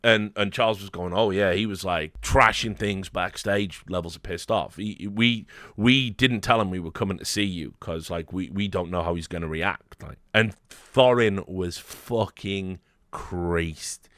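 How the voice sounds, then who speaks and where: A man's voice: low-pitched, a little slow, no echo, studio quality. Swearing man telling a story. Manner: animated, swearing, with frequent fillers and quoted voices. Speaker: host. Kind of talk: casual anecdote storytelling.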